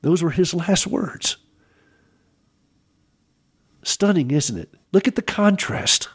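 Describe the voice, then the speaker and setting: Slow, reflective man giving a devotional talk. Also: sits high, husky. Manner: reflective, with expressive pauses and emphasis; asks the listener direct questions.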